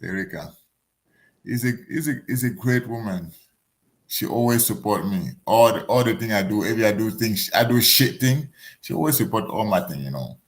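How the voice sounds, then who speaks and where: A man who is a professional boxer, talking casually as a podcast guest, animated and laughing often, with non-native phrasing. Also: lowish voice, normal speed. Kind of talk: podcast interview, casual chat.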